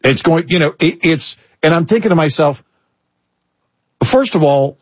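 A middle-aged male radio co-host with a husky, mid-pitched voice, recorded close and dry. He tells everyday stories with wry, animated emphasis. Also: normal speed, dry recording. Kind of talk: casual on-air talk.

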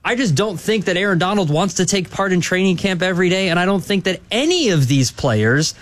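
A man's voice: sits high, animated, a little fast, a bit bright, no echo. A man hosting a sports radio show, talking at length in a casual, hedging way. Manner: rambling, hedging with restarts.

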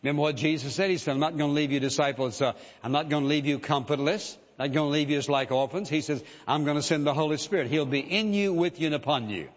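A man's voice: a little high, fast, hardly any pauses. Man preaching in a reverberant sanctuary. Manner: preaching with frequent fillers and direct address to listeners. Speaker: pastor. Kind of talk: sermon. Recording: dull lo-fi sound with long hall reverb.

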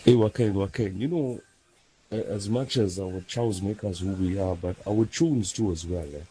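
A man calls in and tells his story with lively local slang. His voice is low and mellow, with a faint hum of ambience behind it. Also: normal speed, rough recording. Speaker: caller. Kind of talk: casual phone-in chat.

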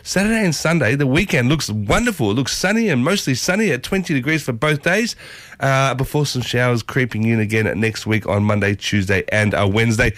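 Australian man, breakfast radio host, playful and jokey, slightly husky throat, dry studio sound. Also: mid-range voice, animated, a little fast, fairly bright tone, no echo. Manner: exuberant, playful, jokey catchphrases. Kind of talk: breakfast radio show hosting. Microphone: studio microphone.

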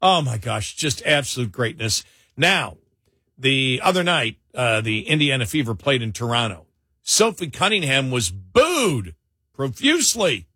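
A man co-hosting a talk radio show, giving opinionated commentary with chuckles and quick repeated asides. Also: mid-range voice, big pitch swings, bright, forceful tone, slightly rough, dry recording, studio quality. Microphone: studio mic.

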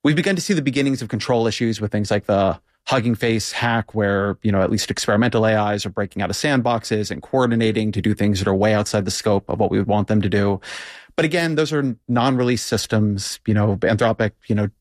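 A man with a low voice leads an interview, setting out views in a measured way before putting pointed questions. His sound is close and dry, without room echo. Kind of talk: interview conversation.

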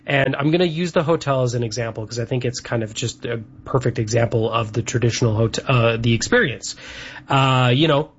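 A man's voice: mid-range voice, brisk, slightly rough. A man from Canada co-hosting a show, rambling chattily through lists with lots of fillers. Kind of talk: casual chat. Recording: dull lo-fi sound.

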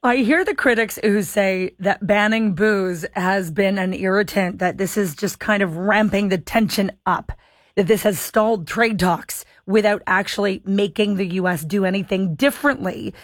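A woman's voice: mid-range voice, normal speed, no echo, clean studio sound. A woman hosting a talk radio show, chatty and self-deprecating with callers and her co-host.

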